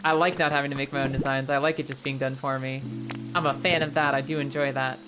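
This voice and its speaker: A woman's voice: a bass voice, flat delivery, fast. A woman livestreaming a game, chatting playfully with her viewers, joking and swearing freely. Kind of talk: casual gameplay commentary to a live chat. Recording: game music playing behind.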